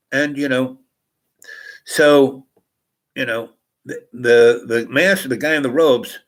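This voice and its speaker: A man's voice: mid-range voice, a bit bright, rough recording. A man casually telling a long personal anecdote, rambling with many fillers and restarts. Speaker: host.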